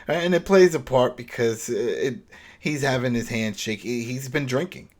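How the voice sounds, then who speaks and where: A man co-hosting a podcast, retelling an episode in a loose, rambling, animated way. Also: mid-range voice, a little slow. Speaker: podcast co-host. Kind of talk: casual recap discussion.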